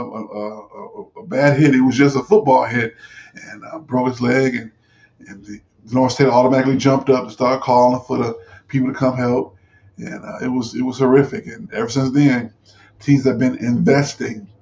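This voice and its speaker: Man, sports talk host, gravelly voice, rambling casual commentary, dull lo-fi sound. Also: mid-range voice, a little mellow. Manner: rambling, many fillers and restarts. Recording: dull lo-fi recording.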